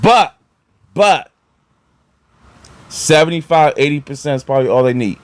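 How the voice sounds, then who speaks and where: Excitable guy rambling about hoops, fillers everywhere, dry close sound. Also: on the high side, normal speed, no room sound. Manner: animated, excitable, lots of fillers and repeats. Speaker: basketball commentator vlogger. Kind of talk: casual sports talk.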